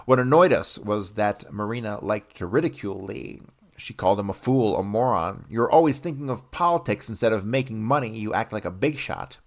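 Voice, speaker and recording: A man's voice: fairly low pitch, creaky. A man reading a book aloud on a podcast, stopping now and then to comment bluntly.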